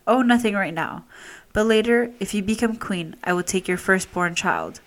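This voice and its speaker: A woman's voice: mid-range voice, sing-song, moderate pace, close to an everyday voice. Imp: a woman reading as a sly, snappish little imp. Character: sly little male imp, bargaining and smug.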